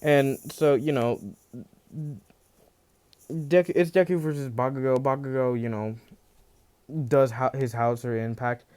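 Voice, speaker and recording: A man's voice: medium pitch, fairly even intonation, unhurried, pauses often, darkish tone, clean tone. A man casually telling a fan fiction story, rambling with many restarts and filler phrases. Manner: rambling, full of "you know" and restarts.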